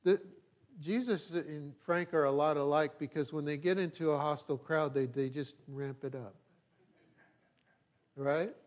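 A male pastor preaching a sermon. He reads scripture aloud with emphasis, then breaks into conversational asides and sudden quiet remarks. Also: a little high, a little slow.

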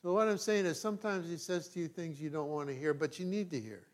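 A male pastor preaching a sermon. He reads scripture aloud with emphasis, then breaks into conversational asides and sudden quiet remarks. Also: a little high, quick pace.

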